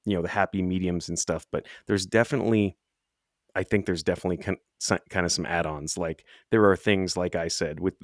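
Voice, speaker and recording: Male podcast co-host, deep voice, loose rambling chatter, dry close sound. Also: no echo. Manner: rambling, chatty, quick to laugh. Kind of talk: casual chat.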